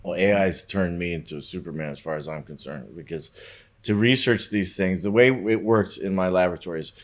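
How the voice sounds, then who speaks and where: Man, low voice, lab researcher guest, enthusiastic, laughs while telling stories. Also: fairly quick. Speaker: stem cell researcher guest. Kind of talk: casual podcast conversation.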